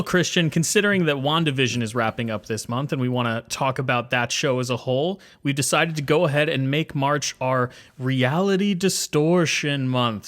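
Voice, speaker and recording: A man's voice: mid-range voice, fairly bright tone. A man co-hosting a casual podcast, with an ordinary mid-range voice. He lays out his points plainly and matter-of-factly. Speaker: podcast co-host.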